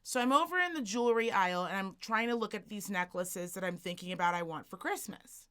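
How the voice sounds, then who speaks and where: A woman co-hosting a podcast, telling a story as a profane, animated rant and acting out the people in it. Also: medium pitch, a little fast, smooth. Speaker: podcast co-host.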